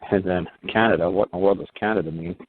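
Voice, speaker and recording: A man's voice: low-pitched, steady tone, fast, breathy edge. A man hosting a talk show, explaining his views to a caller in a rambling, emphatic way, with many fillers and restarts. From United States. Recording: phone-like line with faint hiss.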